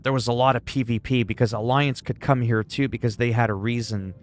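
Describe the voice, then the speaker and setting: A man's voice: mid-range voice, steady tone, a little fast, soft background music. A man from Canada chatting casually with viewers while he plays a video game, rambling and greeting them by name. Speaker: livestreamer. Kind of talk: casual gameplay chat.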